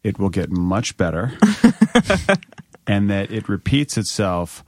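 A man's voice: low voice, takes it slowly, a little mellow, no room sound. A man hosting a casual conversation, easygoing and often laughing. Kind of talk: casual chat.

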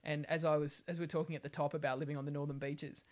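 Brash fast-talking Australian woman in her forties. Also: low voice, level tone, a little mellow. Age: 40s. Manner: brash, laughing, swears freely. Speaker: guest. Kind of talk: comedic storytelling in a podcast interview.

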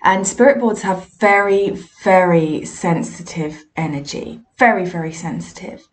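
A woman's voice: lowish voice, unhurried. A woman, a podcast host and medium, telling candid, self-deprecating stories from her own work. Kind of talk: personal storytelling monologue.

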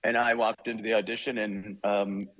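An older man, a guest voice actor telling lively stories in casual chat and acting out the quotes. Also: on the low side, normal speed, dry recording, dull audio. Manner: lively, laughing, acts out quotes. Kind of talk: casual anecdotal storytelling.

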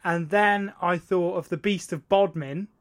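A man's voice: high voice, fairly even intonation, unhurried. A man from Devon, co-hosting a casual podcast chat and telling stories with casual swearing. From Devon, England. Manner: chatty storyteller, swears casually. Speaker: podcast co-host.

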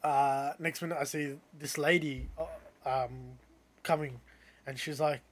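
Animated man telling a story. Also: on the high side, unhurried. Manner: animated, rising loud when quoting others. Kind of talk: casual storytelling.

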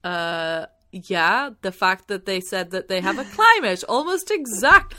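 A woman's voice: medium pitch, animated, a little slow, bright, forceful tone, slight background noise. A woman co-hosting a casual movie review podcast, rambling with lots of "like" and swearing when annoyed. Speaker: podcast co-host.

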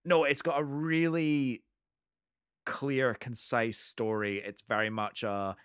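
A man's voice: mid-range voice, flat delivery, slow, a bit bright, smooth, dry recording, clean studio sound. A man co-hosting a casual podcast chat about films, gushing with enthusiasm. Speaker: podcast co-host.

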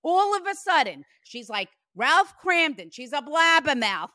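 A woman giving a spirit reading as a medium, speaking in an animated, emphatic and reassuring way. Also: high voice, measured pace, no room sound, studio quality. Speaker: psychic medium.

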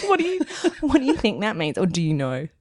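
A woman's voice: medium pitch, wildly swooping pitch, fast talker, darkish tone. A woman, co-hosting a casual podcast chat, giggling and rambling as she hunts for words. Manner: giggly, rambling, loses words mid-sentence. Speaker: podcast co-host.

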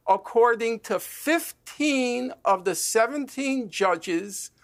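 A man arguing as a guest in a televised debate, insistent and deliberate, repeatedly pressing the host for an answer. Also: extremely high pitch, lively intonation.

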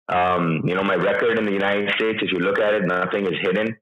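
A man's voice: deep voice, steady tone, brisk, few pauses, echoey room, dull audio, soft background music. A man in his thirties telling his own story in an interview, emotional and hesitant, with many restarts. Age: 30s. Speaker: interview guest. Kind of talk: personal account in an interview.

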